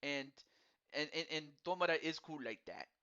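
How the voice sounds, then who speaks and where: A man's voice: a little high, moderate pace, pushed and bright, smooth, muffled recording. A man hosting a casual live-streamed hockey draft, rambling and repeating words in a friendly, upbeat way.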